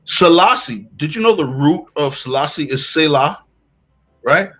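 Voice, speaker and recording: A man's voice: a little high, lively intonation, a little slow, fairly bright tone, low-quality recording. A man giving a heated commentary rant, emphatic and preachy, firing off rhetorical questions. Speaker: online commentator.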